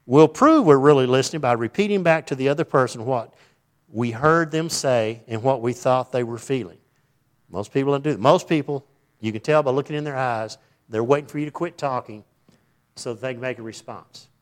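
A man preaching a sermon as pastor, animated, breaking into quoted voices and joking asides. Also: medium pitch, a little fast.

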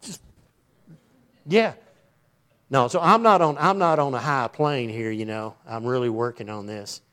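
A man preaching a sermon as pastor, animated, breaking into quoted voices and joking asides. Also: medium pitch, unhurried.

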